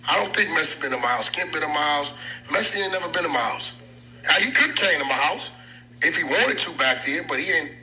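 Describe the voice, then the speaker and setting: A man's voice: on the high side, animated, brisk, pushed and bright, a little hiss or hum, low-quality recording. A man defending himself in a live audio room, emphatic and profane. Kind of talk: defensive argument.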